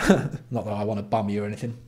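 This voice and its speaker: A man's voice: fairly low pitch, level tone, quick pace, a little mellow. A man from England hosting a casual livestream, greeting viewers by name with blunt, sweary banter. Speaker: livestream host.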